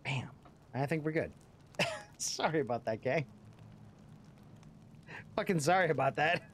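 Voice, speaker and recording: A man's voice: on the high side, animated, a little slow, a bit bright, slight background noise. A man casually commenting on his game stream, swearing freely and rambling between jokes. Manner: profane, rambling, jokey; puts on character voices. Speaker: let's play streamer.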